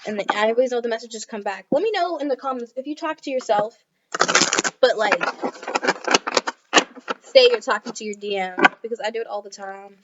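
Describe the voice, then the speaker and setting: A woman's voice: a little high, moderate pace, long pauses, heavy background noise. Chatty woman giving a tarot reading. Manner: chatty, reads card texts aloud, many fillers like "like". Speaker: tarot reader. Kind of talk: casual tarot reading to camera. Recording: dull lo-fi audio.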